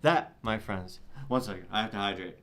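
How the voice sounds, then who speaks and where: A man's voice: fairly low pitch, moderate pace, fairly bright tone, slight background noise. A man hosting his own show, giving a solo talk on recovery and sobriety, preachy and emphatic, swearing and calling his listeners "my friends". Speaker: host.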